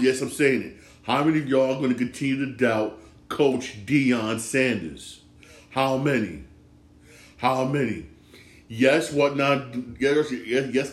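A man's voice: medium pitch, roomy sound. A man hosting a casual solo sports talk show, emphatic and repetitive, circling back to the same points again and again. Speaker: sports podcast host.

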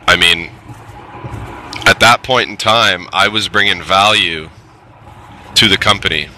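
A man's voice: deep voice, unhurried, pushed and bright, a little hiss or hum, rough recording. A middle-aged man telling a candid, plainspoken story from his years in the trades, with some mild swearing. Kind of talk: casual storytelling monologue.

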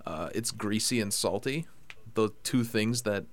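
Easygoing low-voiced podcast host, man. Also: a little slow. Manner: loose and jokey, heavy on fillers like "like". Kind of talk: casual chat.

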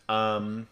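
A man's voice: lowish voice, bright, forceful tone. A man from New York, the game master on a livestream, recapping the campaign in a joking, rambling way with many fillers.

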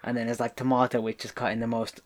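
A man's voice: medium pitch, completely flat delivery, fast. Rambling man, casual podcast. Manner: rambling, hedges with many fillers. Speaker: podcast co-host. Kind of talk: casual chat.

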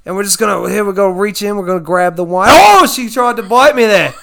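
A man voicing an excitable male Australian wildlife showman, doing loud, hammy and profane nature-show narration in a put-on Australian accent. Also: sits high, a little fast, creaky, pitched above the performer's own voice, exaggerated voice. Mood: gleeful. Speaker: podcast co-host.

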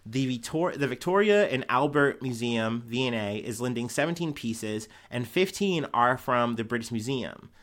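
A man's voice: medium pitch, animated, moderate pace, few pauses, fairly bright tone. A man hosting a podcast, talking through news stories in a rambling, profane, heated way. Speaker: podcast host. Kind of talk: casual news commentary.

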